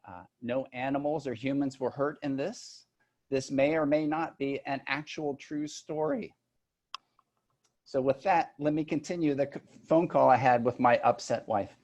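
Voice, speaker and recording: A man's voice: medium pitch, a little mellow. A man, an agile and leadership coach, presenting a webinar over a video call in a conversational way with joking asides. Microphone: computer mic on a video call.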